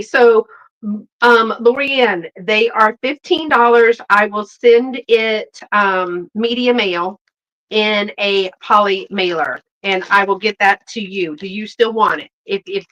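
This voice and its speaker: A woman's voice: mid-range voice, measured pace, a bit bright, dull audio. Woman host, casual live-stream chatter, rambling with fillers. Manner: rambling and chatty, many fillers, greets viewers by name.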